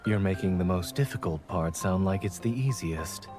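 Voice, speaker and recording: A man voicing a calm, reserved young male doctor in game dialogue, with dry, measured delivery. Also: sits low, close to an everyday voice. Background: game music.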